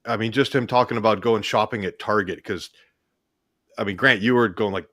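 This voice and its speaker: A man's voice: lowish voice, normal speed, fairly bright tone, dry recording, clean studio sound. A man co-hosting a casual video-call chat, telling stories with many restarts. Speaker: co-host.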